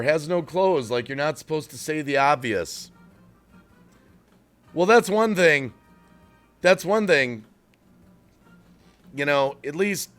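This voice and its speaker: A man hosts a live stream and rants bluntly about channel growth. His voice sits high and jumps all over the place as he gets worked up. Now and then he drops into sheepish apologies. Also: a bit bright. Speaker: livestream host. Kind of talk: live-stream rant to chat.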